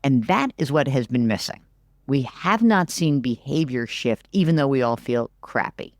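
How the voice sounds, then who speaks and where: As an interview guest in a conversational exchange, a middle-aged woman who works as a business analyst lays out the economy with animated emphasis, repeating words for stress. Her rumbling low voice keeps a moderate pace, recorded dry at studio quality.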